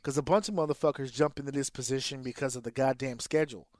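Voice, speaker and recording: A man who is a teacher and a podcast co-host, talking in a blunt, profane, animated way. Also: medium pitch, fast talker, dry recording. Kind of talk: casual profane podcast chat.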